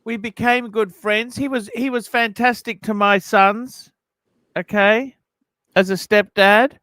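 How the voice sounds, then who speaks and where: A man with a high, clear, crisp voice co-hosts a casual livestream. He speaks slowly and plainly, in a dry, close sound. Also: steady tone, fairly bright tone, dry recording. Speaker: livestream co-host.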